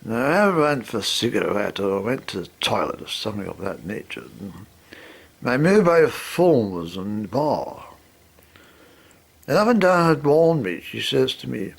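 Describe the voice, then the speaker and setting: A man rambling through a personal story, expressive and swearing now and then. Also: medium pitch, moderate pace, vocal fry, slightly rough.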